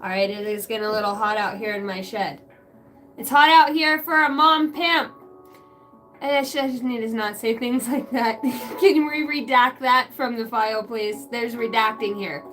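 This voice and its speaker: A woman's voice: a little high, normal speed, fairly bright tone, soft background music. A woman doing a casual live tarot reading from her backyard shed. She rambles, cracks crude jokes and laughs a lot. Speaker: tarot reader.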